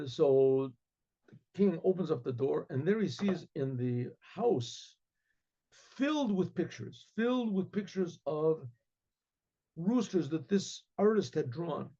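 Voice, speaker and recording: Gravelly rabbi telling a story. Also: male voice, a little high, slow. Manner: vivid, animated storytelling with hesitant restarts. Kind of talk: storytelling sermon. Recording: dull lo-fi sound.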